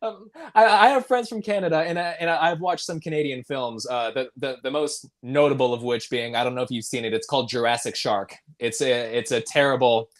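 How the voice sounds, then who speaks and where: A man's voice: medium pitch, fairly even intonation, brisk, few pauses. A man hosting a live online interview, hesitant and stammering, and he laughs often. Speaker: host. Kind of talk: casual live interview chat.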